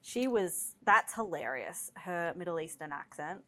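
A woman's voice: lowish voice, measured pace. A woman co-hosting a podcast, telling stories in casual chat with lots of fillers. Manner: animated storytelling, many fillers. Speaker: podcast co-host.

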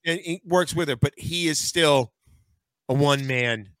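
A man's voice: fairly high pitch, unhurried, fairly bright tone, no echo. A man co-hosting a casual podcast chat, rambling and swearing with many fillers. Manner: rambling, profane, lots of fillers. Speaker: podcast co-host.

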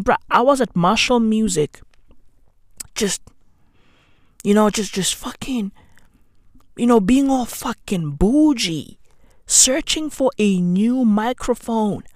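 Slow, dry-voiced woman ranting. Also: medium pitch, no echo. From South Africa. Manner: slangy, sarcastic, heavy swearing, dramatic swings between loud and hushed. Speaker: vlogger. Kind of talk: profane self-mocking vlog rant.

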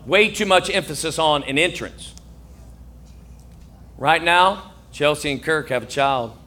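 A man preaching a sermon as pastor, acting out dialogue and swinging from hushed asides to shouted lines. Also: on the high side, measured pace.

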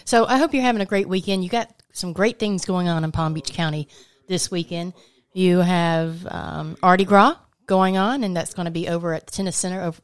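A woman's voice: fairly low pitch, no echo, studio quality. A woman co-hosting a weekend radio show, chatting in a friendly way with a few fillers. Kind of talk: casual radio chat. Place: small home studio.

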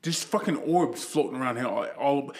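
A man's voice: medium pitch, moderate pace. A man telling crude jokes in casual banter, swearing and laughing as he talks. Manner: profane, animated, laughing storyteller.

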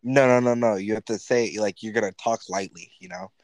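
A man's voice: lowish voice, fairly even intonation, a little fast, darkish tone, no echo, low-quality recording. A young man co-hosting a podcast in casual chat, joking and laughing easily and calling his friend "bro.". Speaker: podcast co-host.

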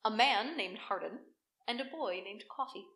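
A woman's voice: on the high side, animated, moderate pace, fairly bright tone, roomy sound. A woman co-hosting a podcast, telling a true crime story in a chatty, joking way. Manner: chatty, jokey storytelling, laughs often. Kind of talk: casual chat.

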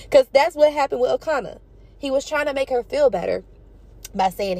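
A woman hosting a Bible study podcast, preaching in a casual, slangy and animated way. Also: high-pitched, normal speed, vocal fry.

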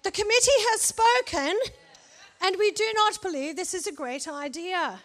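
A woman's voice: very high-pitched, normal speed, a bit bright, pitched above the performer's own voice. A woman putting on a pompous English committee voice.

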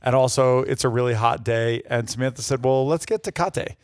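An easygoing man co-hosting a casual podcast, telling stories at a middle pitch. The recording is dry and close. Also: fairly quick, dry recording. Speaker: podcast co-host. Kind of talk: casual chat.

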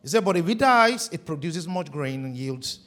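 A man's voice: fairly high pitch, expressive, moderate pace, soft background music. A man preaching a sermon as pastor, hitting key words hard and drawing them out. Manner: emphatic preaching, stretching and shouting key words.

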